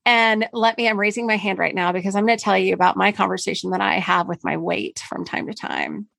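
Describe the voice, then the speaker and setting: A woman's voice: mid-range voice, fairly even intonation, brisk, creaky, fairly bright tone, no room sound. A middle-aged woman hosting a casual solo podcast, talking candidly and emphatically, with mild swearing. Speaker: podcast host and marketing consultant.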